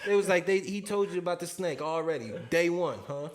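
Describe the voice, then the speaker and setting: A young man spins a story on a casual podcast, his voice sitting a little high. He is animated, laughs often, swears freely and acts out the people he quotes. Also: brisk. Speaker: podcast co-host.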